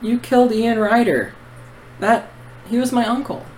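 A man's voice: normal speed, a little mellow, slight background noise. A man reading aloud as a defiant teenage boy, lifting his voice well above his own. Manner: higher, pushed-up reading voice.

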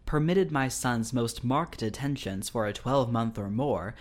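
A man's voice: mid-range voice, a little slow, close to an everyday voice. A man reading the lines of a stern, coldly angry elderly guardian in a Victorian story, formal and scornful.

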